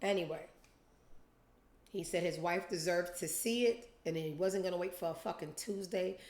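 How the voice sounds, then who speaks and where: A young adult woman hosting a show, telling a profane story casually and acting out other people's lines in different voices. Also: mid-range voice. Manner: animated, profane, acts out quotes in different voices. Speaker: podcast host. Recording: roomy echo.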